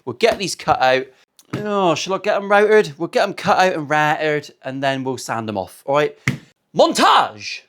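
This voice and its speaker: A man's voice: on the high side, moderate pace, fairly bright tone. Cheeky, sweary craftsman. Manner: cheeky, joking, rambling asides. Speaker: luthier, guitar-building vlogger. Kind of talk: casual sweary banter while working. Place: guitar workshop.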